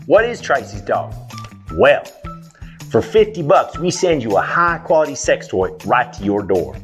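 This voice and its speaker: A man doing a drawling southern pitchman. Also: sing-song, measured pace. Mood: hyped pitch. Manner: hammy drawling sales pitch. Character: brash southern product pitchman, man, adult. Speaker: ad spokesman. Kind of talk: radio-style commercial. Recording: ad with loud music bed.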